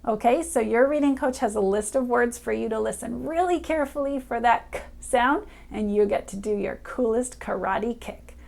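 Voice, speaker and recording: A woman's voice: on the high side, a little mellow. Cheerful woman teaching early reading. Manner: cheerful, encouraging, speaks directly to a child; sounds out letters slowly and clearly. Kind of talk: upbeat children's reading lesson.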